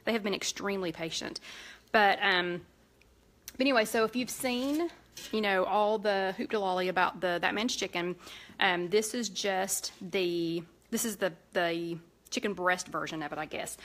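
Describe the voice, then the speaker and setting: A woman's voice: medium pitch, moderate pace, a bit bright, a little hiss or hum. A woman with a Southern US accent hosting a live cooking chat, rambling casually as she cooks in a home kitchen. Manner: chatty and rambling, talks while cooking. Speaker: cooking show host.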